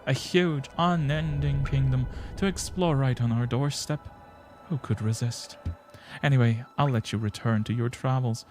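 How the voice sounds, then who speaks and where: A man's voice: mid-range voice, normal speed, a little mellow, close to an everyday voice. A man voicing a cheerful male bug mapmaker, reading his lines in a friendly, rambling way over faint game music. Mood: chatty.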